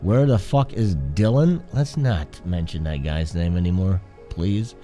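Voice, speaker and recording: A man's voice: low voice, animated, measured pace, mellow. A man hosting a casual livestream while sick with the flu, his voice nasal and stuffed-up, rambling and swearing as he talks, with faint music behind him. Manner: rambling, profane, self-interrupting. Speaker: art streamer host. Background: faint background music.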